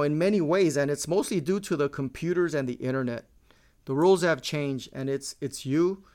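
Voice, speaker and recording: Man in his forties, podcast host, casual monologue, swears a lot, jokey, mixes in Spanish words. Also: on the high side. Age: 40s. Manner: profane, joking, drops Spanish words.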